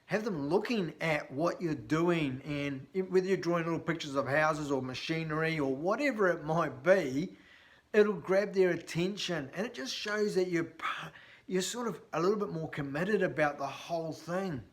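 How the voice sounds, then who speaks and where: A chatty sales coach, a man talking straight to his viewers in a blunt, animated way. His voice sits a little on the high side, and he leans on fillers as he explains. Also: moderate pace. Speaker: sales trainer. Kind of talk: casual instructional talk to camera.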